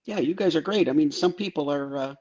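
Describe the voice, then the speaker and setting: A man's voice: a little high, brisk, a little mellow. A man co-hosting a live political stream, making wry joking asides in casual chat. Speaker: co-host. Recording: dull lo-fi sound.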